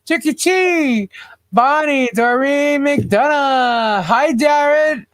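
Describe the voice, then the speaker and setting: A woman's voice: on the high side, lively intonation, slow pace, no echo. A woman co-hosting a casual livestream, chatting and greeting viewers by name with frequent laughs. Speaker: podcast co-host.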